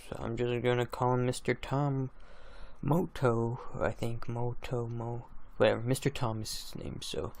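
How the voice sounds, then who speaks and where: Gravelly young man, casual game recap. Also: medium pitch, little pitch movement, normal speed, hardly any pauses. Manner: rambling, offhand, laughs at his own plays. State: drowsy, just woke up. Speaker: gaming channel host.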